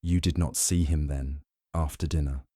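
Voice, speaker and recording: Hercule Poirot, voiced by a man, smooth and probing. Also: rumbling low, steady tone, moderate pace, no echo, studio quality. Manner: smooth, gently insistent. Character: polite, probing older male detective. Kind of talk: audiobook character voice.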